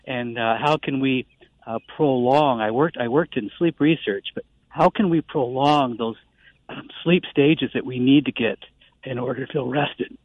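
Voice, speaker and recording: A man who is the guest doctor on a call-in radio show, explaining calmly with many uh fillers over a phone line. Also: mid-range voice, unhurried, dry recording. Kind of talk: expert interview on a call-in show.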